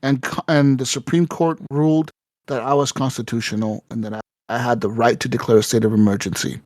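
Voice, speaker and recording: A man's voice: mid-range voice, steady tone, fairly quick, darkish tone, dry recording, clean studio sound. A man co-hosting a casual gaming podcast, telling a rambling, profane story with lots of fillers and acted-out quotes. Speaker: podcast co-host.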